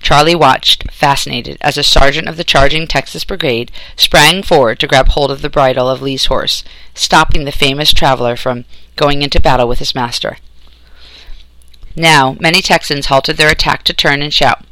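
A man reading a historical novel aloud as an audiobook narrator, in a steady storytelling manner. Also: on the high side, moderate pace, dry recording, low-quality recording. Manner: steady storytelling, voicing characters in dialogue. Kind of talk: scripted narration.

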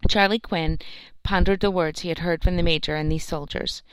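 A woman reads a story aloud in a calm, even manner. Her voice is low-set, smooth and resonant, recorded dry and close. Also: fairly quick, no echo, poor audio. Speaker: audiobook narrator. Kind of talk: scripted narration.

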